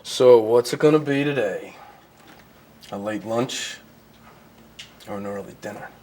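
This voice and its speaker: Cocky, low-voiced office flirt , a man in the role. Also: a little slow, noisy background, close to an everyday voice. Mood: smug. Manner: smug, flirtatious. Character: smug married male flirt.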